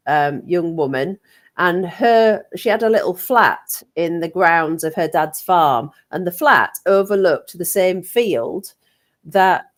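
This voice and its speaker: A middle-aged woman from England telling a personal story in a casual, chatty way, with frequent ums and lively acted-out quotes. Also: on the low side. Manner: chatty, animated, frequent ums, acts out children's shouts.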